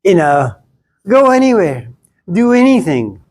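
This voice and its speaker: A man's voice: very high voice, very animated, measured pace, long pauses, darkish tone. A man giving a live classroom lecture to students, playful and teasing, stacking up jokes through long repetition and calling on students by name.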